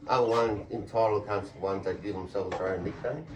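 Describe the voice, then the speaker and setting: A man with an Australian accent tells blunt, sweary stories and laughs often. His voice sits on the low side. It sounds echoey and a little far from the mic, as if recorded across a room. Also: fairly even intonation, fairly quick, over a noisy crowd. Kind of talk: casual storytelling chat. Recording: echoey room, voice picked up from a distance.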